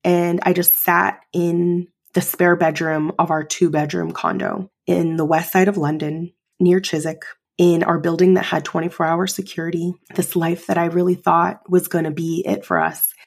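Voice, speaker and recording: Woman in her 30s, gravelly husky low voice, podcast host telling her own story, lots of "you know". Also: little pitch movement, normal speed. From United States. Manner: candid and emotional, many fillers. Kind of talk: personal storytelling.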